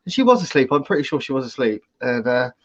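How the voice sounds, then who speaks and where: A man hosting a livestream, telling a family anecdote in an animated, casual way, heard over call audio. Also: mid-range voice, fast talker, muffled recording. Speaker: host. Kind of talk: casual storytelling chat.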